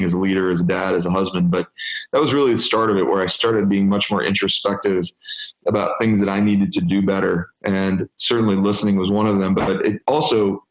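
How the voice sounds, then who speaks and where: A man in his fifties, a guest in an interview, telling stories in an animated way and acting out quoted dialogue. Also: fairly low pitch. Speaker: interview guest, business executive. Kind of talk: storytelling interview. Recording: roomy echo.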